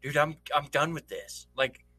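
Man, casual storyteller, high bright voice, swears freely, plays out quotes. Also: fairly even intonation, moderate pace. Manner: profane, laughing storytelling. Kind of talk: casual chat.

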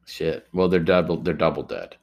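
A man co-hosting a comedy podcast, pitching absurd movie ideas in a deadpan way. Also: moderate pace, creaky, lo-fi sound. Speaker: podcast co-host.

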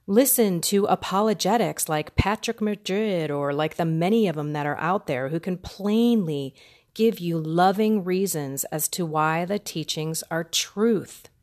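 A woman's voice: on the low side, unhurried, a little mellow. A middle-aged woman hosting a podcast, telling her personal faith testimony in an earnest, conversational way with emphatic repetition. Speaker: podcast host.

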